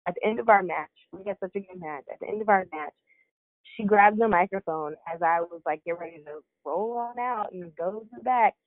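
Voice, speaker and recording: A woman's voice: mid-range voice, fairly quick, no echo. Woman wrestler telling stories over a phone line. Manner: animated, laughs often, acts out quotes. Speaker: guest, independent wrestler. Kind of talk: casual interview storytelling. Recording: dry narrow phone-like line.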